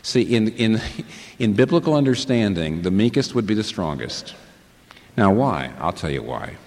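A man's voice: lowish voice, sing-song, moderate pace, darkish tone. A man preaching a sermon to a live congregation, emphatic and fond of rhetorical questions that he answers himself. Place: large church hall with a live congregation. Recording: long reverb in a large hall.

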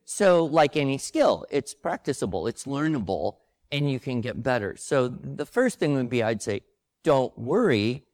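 A man's voice: mid-range voice, big pitch swings, a little slow, darkish tone, no room sound. Older man chatting in a dry room. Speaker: co-host. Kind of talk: casual conversation before a live audience.

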